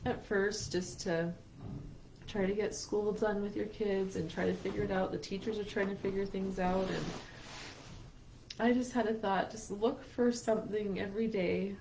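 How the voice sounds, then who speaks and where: An earnest woman co-hosts a heartfelt talk about grief and speaks from a faith-based outlook. Her voice sits in a middle pitch, and at times she grows tearful as she shares. Faint noise hums underneath. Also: fairly even intonation, moderate pace. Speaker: podcast co-host.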